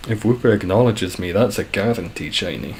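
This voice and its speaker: Man, lowish voice, monotone and self-deprecating, casual stream chat, faint background noise. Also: a little fast. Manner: dry, self-deprecating, calls his voice monotone.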